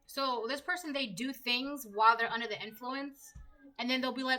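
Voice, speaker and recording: A woman's voice: a little high, moderate pace, bright, forceful tone, poor audio. A woman giving a casual collective tarot reading, talking conversationally and repeating her phrases as she reads the cards aloud. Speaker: tarot reader.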